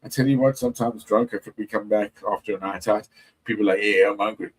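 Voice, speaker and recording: A man's voice: on the low side, fast talker, darkish tone, husky, low-quality recording. A man chatting as a guest on a live stream, laid-back and rambling, swearing freely. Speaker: panel guest. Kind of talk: casual chat.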